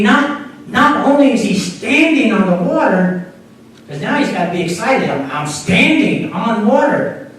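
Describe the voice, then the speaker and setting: With a high voice, the associate pastor preaches informally in the church sanctuary, occasionally repeating or restarting phrases. The distant recording catches the room's echo along with a little hiss or hum.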